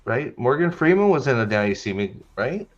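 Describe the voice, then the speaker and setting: A man's voice: mid-range voice, big pitch swings, fairly quick. Rambling man hosting a livestream, lo-fi. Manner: rambling, joking, stammering restarts. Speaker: livestream podcast host. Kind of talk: casual chat.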